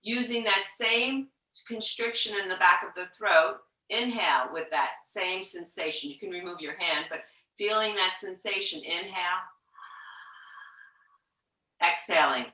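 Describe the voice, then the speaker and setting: In an echoey room, a woman with a mid-range voice leads a yoga class from far off the mic. She guides slowly and gently, sometimes dropping to a whisper to demonstrate the breath.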